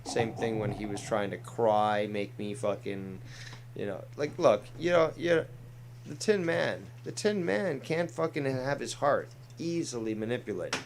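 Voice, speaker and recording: Sarcastic guy cussing his way through clip reactions, mid pitch voice, faint hum behind. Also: lively intonation, unhurried, gravelly. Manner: blunt, sarcastic, profane. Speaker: commentary host. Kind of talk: casual commentary reacting to clips.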